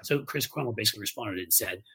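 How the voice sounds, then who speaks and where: A man's voice: fairly low pitch, fast, gravelly, bright, forceful tone, husky. A man co-hosting a podcast, chatting casually and animatedly, mocking people in put-on voices. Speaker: podcast co-host. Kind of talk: casual political chat.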